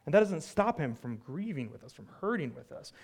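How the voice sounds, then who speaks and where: Animated male preacher, slightly high voice. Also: a little fast, husky. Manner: conversational, animated, often asks "right?". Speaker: pastor. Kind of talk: sermon.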